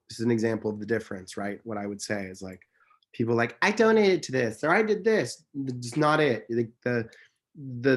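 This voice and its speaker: A man speaking as an interview guest, telling stories in an earnest, passionate, emphatic way that rambles and corrects itself. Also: medium pitch. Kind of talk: casual conversational storytelling.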